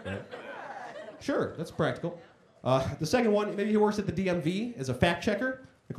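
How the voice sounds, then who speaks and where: A man's voice: high-pitched, big pitch swings, moderate pace, slight background noise. A man doing a stand-up comedy set on a club stage, talking in a conversational, self-deprecating way and acting out voices in his stories. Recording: echoey comedy club room.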